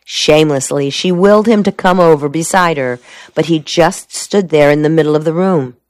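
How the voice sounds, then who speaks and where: A woman narrating a novel in a steady, measured audiobook reading. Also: low voice, no room sound.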